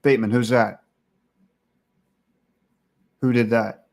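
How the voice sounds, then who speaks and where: A man's voice: medium pitch, little pitch movement, takes it slowly, creaky, darkish tone. A man hosting a livestream, ranting casually with crude, profane mockery. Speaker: livestream host.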